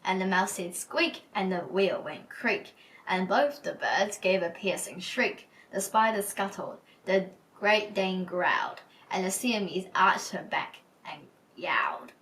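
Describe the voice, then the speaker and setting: A woman hosting a book club episode, reading a children's picture book aloud in a gentle storytelling manner. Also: medium pitch, a little slow, distant mic, low-quality recording. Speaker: storybook reader.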